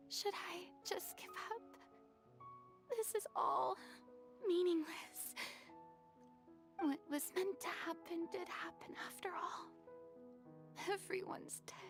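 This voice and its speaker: High, slow-spoken, haughty young queen figure; game music under her. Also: exaggerated voice. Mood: despairing. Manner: haughty and theatrical. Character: dramatic, proud young female archon hiding guilt.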